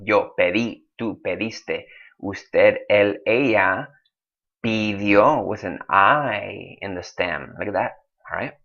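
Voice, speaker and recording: A man teaching a Spanish lesson, slowly drilling verb forms and then explaining them in a casual, chatty way. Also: on the low side, vocal fry, fairly bright tone. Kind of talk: recorded classroom lesson. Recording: dull lo-fi recording.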